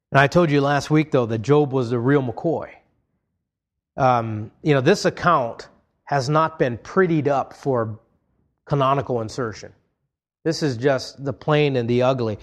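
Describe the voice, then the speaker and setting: A man preaching an expository sermon, reading scripture aloud and paraphrasing it in an earnest, conversational way. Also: mid-range voice. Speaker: pastor.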